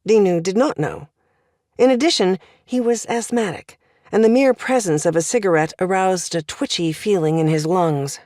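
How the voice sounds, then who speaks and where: In clean, dry studio sound, a woman reads an audiobook script with measured expressiveness, telling the story carefully. Her pitch is medium.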